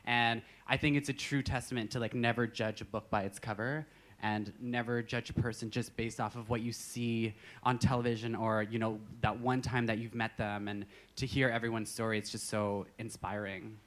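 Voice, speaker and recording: A man's voice: medium pitch, flat delivery, moderate pace, fairly bright tone. A man who is a drag performer, speaking earnestly and reflectively on a viewing-party panel, leaning on "you know". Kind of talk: casual chat.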